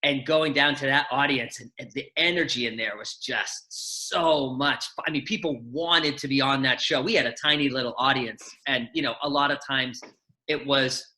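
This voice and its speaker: A middle-aged man, an actor and former kids' show host, chatting on a video call and telling lively stories with acted-out voices. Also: medium pitch, moderate pace. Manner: animated storyteller, acts out voices and shouts. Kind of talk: casual chat, storytelling.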